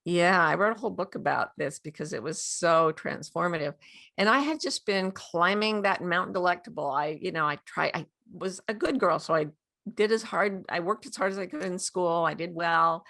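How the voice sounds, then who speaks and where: A woman's voice: fairly low pitch, normal speed, gravelly. A woman in her sixties, a guest author, telling stories animatedly and laughing often. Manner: animated storyteller, acts out quotes, laughs often. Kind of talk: storytelling interview.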